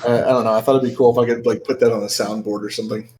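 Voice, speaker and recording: A man's voice: medium pitch, little pitch movement, racing, darkish tone. Teasing man hosting a stream. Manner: teasing, pushy questions, crude jokes. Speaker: streamer host. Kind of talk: casual chat.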